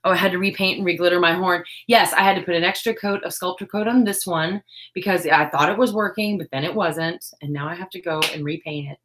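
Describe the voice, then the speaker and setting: A woman's voice: lowish voice, quick pace, a bit bright. A woman, hosting a crafting livestream from her home craft room, chatting casually and self-deprecatingly while reading the chat aloud.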